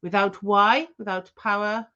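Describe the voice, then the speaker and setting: A woman playing a smug male French information broker, speaking slowly and lecturing. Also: medium pitch, fairly even intonation, sharp tone, dull audio. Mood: lofty.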